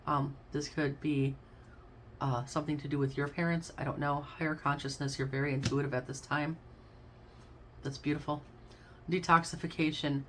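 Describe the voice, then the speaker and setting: A woman's voice: sits low, little pitch movement, moderate pace, fairly bright tone, slight background noise. A woman giving a casual, effusive tarot reading, chatting to her listeners as babes and y'all. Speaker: tarot card reader.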